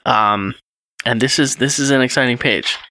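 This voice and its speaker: A man's voice: medium pitch, normal speed, bright, forceful tone, dry recording. A man in his thirties, co-hosting a casual chat and animatedly retelling a gamebook read with his child, reading passages aloud with chuckles. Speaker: podcast co-host.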